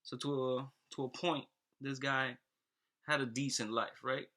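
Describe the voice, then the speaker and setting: Bright-voiced man rambling through a joke. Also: mid-range voice, level tone, measured pace. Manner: rambling, laughs often, swears. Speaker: joke teller. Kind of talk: casual storytelling.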